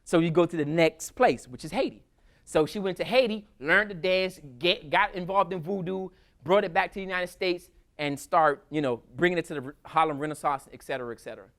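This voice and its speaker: Man, history lecturer, casual lecture, animated, colloquial. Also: on the high side, a little fast. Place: school hall with audience.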